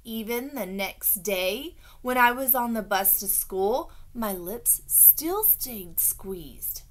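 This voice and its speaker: A woman's voice: on the high side, lively intonation, slow pace. A woman narrating a children's audiobook in a playful, childlike first-person voice.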